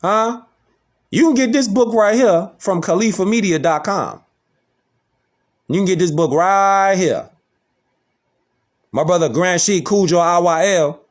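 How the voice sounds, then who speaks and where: A man giving emphatic commentary, firing off rhetorical questions. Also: high-pitched. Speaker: host reacting to a clip. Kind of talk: animated commentary.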